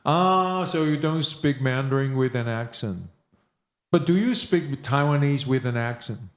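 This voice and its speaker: A man's voice: medium pitch, unhurried. A man hosting a casual podcast, asking prompting questions and often filling with "okay, uh". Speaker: podcast host. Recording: echoey room.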